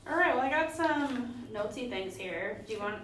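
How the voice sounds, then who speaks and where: Woman podcast co-host, playful and giggly, slightly high voice, roomy distant mic, faint background hum. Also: animated, brisk, a bit bright. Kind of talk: casual chat.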